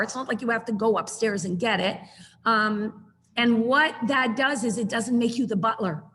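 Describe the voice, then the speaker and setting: A woman's voice: a little high, fairly bright tone, long reverb tail. A middle-aged woman teaching a puppy training class on a video call, chatty and acting out her corrections to the dog. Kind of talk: online class lecture.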